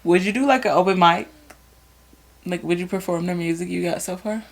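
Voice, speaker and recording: A young woman co-hosting a podcast in casual, slangy chat, relaxed and quick to laugh. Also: on the low side. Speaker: podcast co-host.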